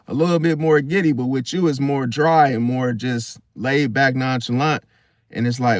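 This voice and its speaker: A man speaks in a loose, conversational monologue at an ordinary middle pitch. He repeats himself and drops to a soft "see?" at the end of his points. The sound is dry and close, with no room echo. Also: normal speed. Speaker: astrology video host. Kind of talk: casual monologue.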